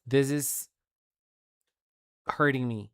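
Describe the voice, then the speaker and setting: Low-voiced woman streamer, slow and expressive. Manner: gushing, playful, with frequent laughs. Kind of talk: casual fan-art showcase stream.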